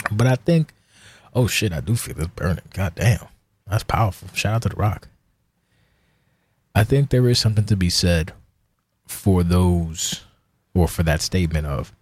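A man's voice: deep voice, darkish tone, breathy edge, dry recording. A man in his forties hosting a casual solo podcast, rambling and profane, self-deprecating about himself. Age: 40s. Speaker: podcast host.

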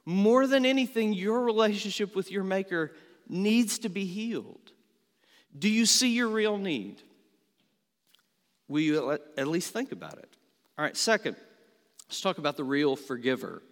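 Earnest pastor preaching in a reverberant hall. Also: male voice, high-pitched, animated, unhurried, long pauses. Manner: earnest, rising emphasis, rhetorical questions. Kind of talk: sermon. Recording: long reverb of a large hall.

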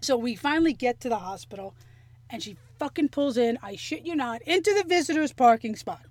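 A woman telling a story in casual chat, animated and profane, acting out the things people said. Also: high-pitched, dry recording. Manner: animated, profane, acts out quotes.

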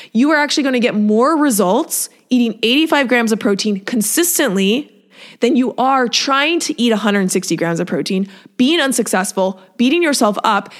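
A woman fitness coach talking casually and encouragingly, often acting out what her clients say. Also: fairly high pitch. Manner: chatty, encouraging, acts out clients' voices. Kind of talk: solo podcast talk.

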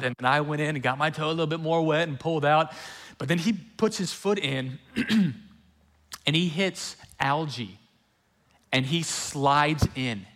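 A man preaching a sermon in a conversational storytelling way, with quick runs and slow, hushed emphasis. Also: a little high. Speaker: pastor.

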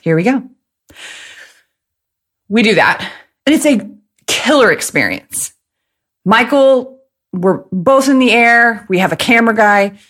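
A woman's voice: on the high side, animated, a bit bright. A woman from the American Midwest, likely in her thirties, hosting a casual solo podcast and telling stories in a chatty, joking way. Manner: chatty, jokey, fast talker. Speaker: podcast host.

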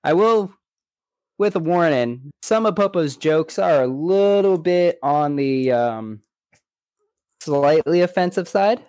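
A man co-hosting a casual podcast, recapping episodes in an animated way and often slipping into quoted lines. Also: a little high, slow pace, no echo. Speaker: podcast co-host.

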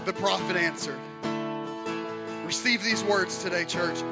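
Male pastor, sermon delivery, high pitch, dramatic hush-to-shout swings, guitar underneath. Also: moderate pace. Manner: storytelling with acted-out voices. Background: guitar music.

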